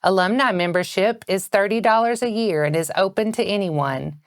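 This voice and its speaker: A woman anchoring a local morning news bulletin with a Southern American accent, reading in a steady, measured way. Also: medium pitch, no echo, studio quality.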